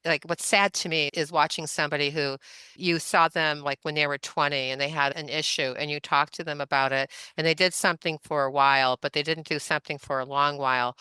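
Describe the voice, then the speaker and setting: A woman in her seventies speaks with a bright, forceful tone and a smooth, crisp voice. She tells stories chattily as a podcast guest, laughing often. The sound is dry and close. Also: low voice, fairly even intonation, a little fast, no echo. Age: 70s. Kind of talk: casual storytelling interview.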